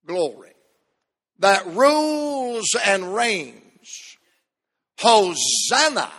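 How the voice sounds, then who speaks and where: A man preaching a sermon, leading the congregation in call-and-response with drawn-out emphatic phrases. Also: sits high, sharp tone, big-room sound. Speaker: pastor.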